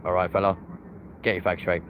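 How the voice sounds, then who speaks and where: A man's voice: low-pitched, little pitch movement, brisk. A man hosting a live plane-spotting stream from a hotel rooftop by an airport, chatting with viewers and cheering on the planes as they land. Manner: chatty, banters with chat, cheers on landing planes. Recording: dull lo-fi outdoor stream audio with traffic noise.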